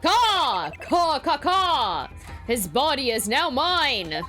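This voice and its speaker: A woman voicing a grandiose male crow demon spirit who caws and booms, with game music behind. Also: very animated, extremely slow, pushed and bright, exaggerated voice. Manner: booming, cawing, grandiose.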